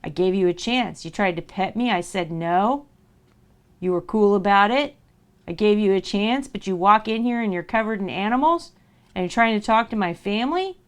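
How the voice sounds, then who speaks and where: A woman voicing a proud, stern male wolf who guards his family, speaking low and firm. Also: animated, moderate pace, clean tone, natural voice. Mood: indignant.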